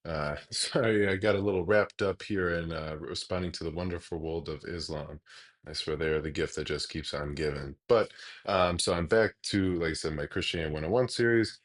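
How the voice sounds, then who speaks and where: Low-voiced man giving a casual Bible lesson. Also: brisk. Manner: relaxed and explanatory, with frequent hesitations. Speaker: online Bible teacher. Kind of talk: casual teaching monologue.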